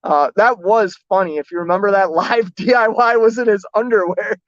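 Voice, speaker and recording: A man's voice: high-pitched, moderate pace, dry recording. A man who drives trucks, chatting casually on a live stream and reading out viewer comments in a rambling, self-deprecating way. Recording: dull lo-fi, dry close sound.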